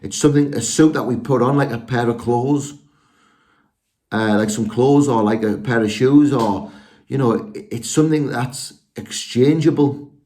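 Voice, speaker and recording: A man's voice: medium pitch, normal speed, dark tone. A man speaking to viewers in a casual, rambling monologue, earnest and often restarting his sentences. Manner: rambling, self-correcting, earnest. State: out of breath. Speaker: spiritual video speaker.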